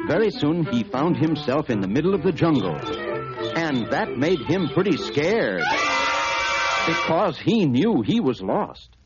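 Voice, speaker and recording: Playful guy reading a kids story, bouncy voice, old muffled record w music. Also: medium pitch. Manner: playful, sing-song, expressive. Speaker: narrator. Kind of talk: storybook narration for children.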